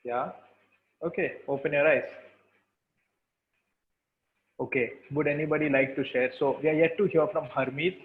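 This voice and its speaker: A man with a slightly raised voice leads a webinar, greeting guests and then guiding a slow, repetitive visualization. The sound comes through a thin, phone-like video call line. There is a roomy echo around his voice. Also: on the high side. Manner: calm, repetitive instructions. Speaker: webinar facilitator. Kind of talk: guided energy exercise and group chat. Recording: tinny call audio with room echo.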